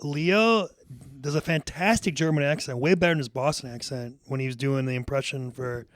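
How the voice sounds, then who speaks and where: A man's voice: medium pitch, moderate pace, a bit bright, no echo. A man co-hosting a casual movie review podcast, talking in a rambling, chatty way and laughing easily. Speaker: podcast co-host.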